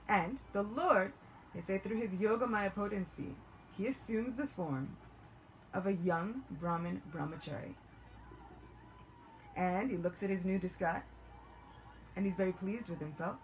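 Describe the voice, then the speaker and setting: A woman narrating a devotional story in an animated, expressive way. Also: mid-range voice, a little hiss or hum, rough recording.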